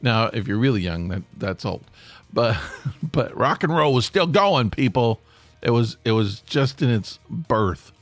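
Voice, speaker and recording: A man's voice: mid-range voice, expressive, unhurried, no room sound, faint music behind. A man in his sixties hosting a podcast, rambling through a casual monologue with self-mocking jokes. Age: 60s. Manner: self-mocking, jokey, meandering. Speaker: podcast host.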